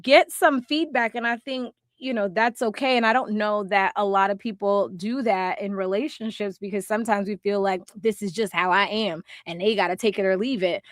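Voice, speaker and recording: A woman co-hosting a podcast in casual chat, animated and laughing often, acting out little quoted exchanges. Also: mid-range voice, normal speed, few pauses, no echo, clean studio sound. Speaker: podcast co-host.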